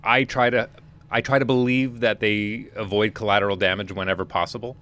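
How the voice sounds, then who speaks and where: Bright-voiced man, rambling opinions. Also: lowish voice, level tone, fairly quick. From Manitoba, Canada. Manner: opinionated, rambling with frequent restarts. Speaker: podcast co-host. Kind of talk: casual conversational podcast.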